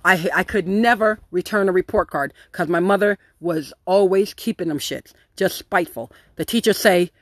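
A woman hosting a podcast, telling a story in a blunt, profane, animated way with acted-out quotes. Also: on the low side, normal speed, few pauses, dry recording. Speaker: podcast host. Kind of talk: casual storytelling monologue.

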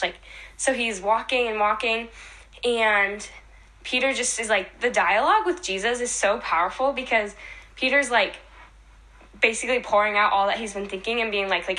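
Young woman co-host, bright voice, excitable and chatty, leans on "like" while recounting. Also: on the high side, normal speed. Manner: enthusiastic, retells scenes with many fillers. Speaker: podcast co-host. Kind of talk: casual faith chat.

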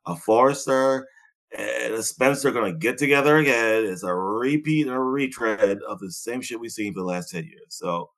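A man's voice: medium pitch, moderate pace, a bit bright. A man co-hosting a podcast, talking in casual chat, blunt and profane, laughing often and throwing in sarcastic asides. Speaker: podcast co-host.

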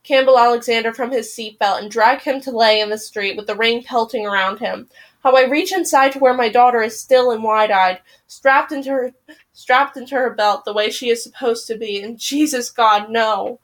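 A woman with a fairly high voice reads a novel aloud for her podcast. Her first-person narration is emotional and expressive. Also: normal speed.

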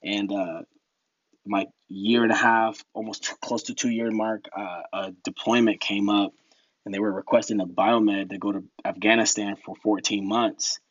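An American man, a guest on a casual podcast interview, tells war stories with animation and frequent laughter, acting out other people's lines in raised, high voices. He speaks at a moderate pace, and the lo-fi podcast audio sounds dull but has no echo.

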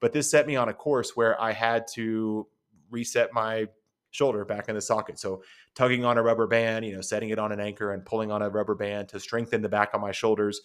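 Middle-aged man, lowish voice, podcast host, casual storytelling, rambling asides. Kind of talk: personal storytelling monologue.

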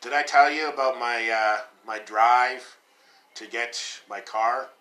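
A man's voice: medium pitch, takes it slowly, bright, forceful tone. A middle-aged man telling crude, rambling stories in casual podcast chat. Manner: profane, rambling storyteller. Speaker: podcast co-host. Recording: echoey room with faint noise.

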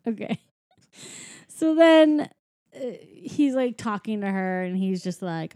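A woman chatting casually on a podcast, retelling movie scenes and slipping into quick quoted voices. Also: mid-range voice, animated, mellow, no room sound, studio quality. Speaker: podcast co-host recapping a film. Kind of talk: casual chat.

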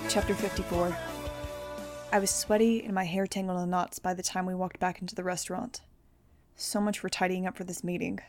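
A woman's voice: fairly low pitch, a little fast, faint music behind. Young woman reading an audiobook. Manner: steady, plain first-person storytelling. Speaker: audiobook reader. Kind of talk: amateur audiobook narration.

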